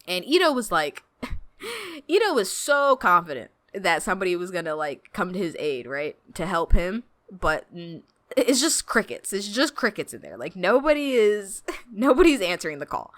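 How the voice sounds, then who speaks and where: A woman podcast host recapping a graphic novel in casual chat, animated, often laughing and saying 'like'. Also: medium pitch, normal speed, dry recording.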